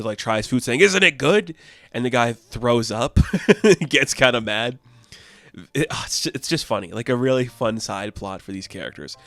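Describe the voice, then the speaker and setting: A man with a fairly low voice gives a casual, upbeat comic book review, chatting along and laughing now and then. He is recorded up close in a dry room. Faint music plays underneath. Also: clean tone, no echo. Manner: chatty and upbeat, laughs often, small restarts.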